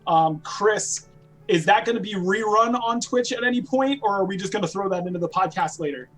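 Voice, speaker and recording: High-pitched man, chatty player, announcing episodes, faint music underneath. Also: a little fast, fairly bright tone, poor audio. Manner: chatty, promotional. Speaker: player and podcast co-host. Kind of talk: casual live-stream chat.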